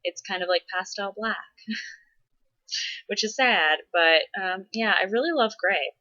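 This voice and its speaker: A woman's voice: medium pitch, takes it slowly, sharp tone, dull audio. A woman vlogging casually, answering follower questions in a chatty way with frequent laughs and dramatic exasperated asides. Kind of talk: casual chat.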